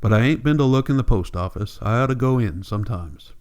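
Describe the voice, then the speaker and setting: A man reading the part of a weary older male drifter who refuses to leave his land, in a quiet, resigned rural drawl. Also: mid-range voice, expressive, a little fast, close to an everyday voice. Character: weary old male drifter clinging to home.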